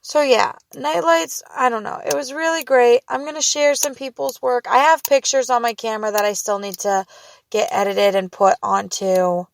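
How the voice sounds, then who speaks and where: A woman's voice: on the high side, steady tone, moderate pace, creaky. A woman and mother chatting casually about a festival trip, rambling, swearing freely and restarting her sentences. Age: young adult or middle-aged, mother of two daughters. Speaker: vlogger recounting a festival trip. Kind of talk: casual storytelling monologue.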